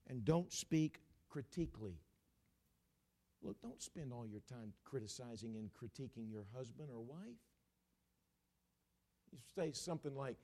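A man's voice: mid-range voice, expressive, measured pace, pauses often, mellow. A man preaching a sermon, emphatic and repetitive, with a playful streak.

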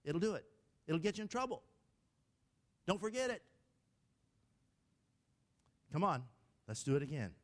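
An older man preaching a sermon from the pulpit, emphatic, urging the congregation to recite with him and shouting lines for emphasis. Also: a little high, big pitch swings, brisk. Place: church sanctuary at the pulpit.

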